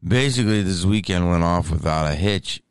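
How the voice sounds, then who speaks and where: A man hosting his podcast right after waking up, exhausted and drained, talking candidly in a rambling way with many restarts, his morning voice deep. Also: normal speed, clear, resonant tone, no echo. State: tired, just woke up. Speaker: podcast host. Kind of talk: casual podcast monologue. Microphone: studio microphone.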